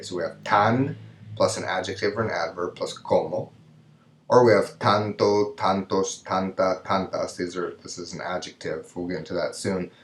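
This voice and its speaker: Deep-voiced man teaching grammar, echoey room. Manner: explanatory, frequent "right?" checks. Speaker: Spanish teacher. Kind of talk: recorded grammar lecture.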